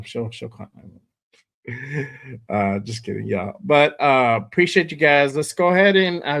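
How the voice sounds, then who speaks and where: A man hosting a fan livestream from home, hoarse from a cold, laid-back and greeting viewers by name. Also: medium pitch, fairly bright tone. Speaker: host of a fan show. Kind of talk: casual livestream chat.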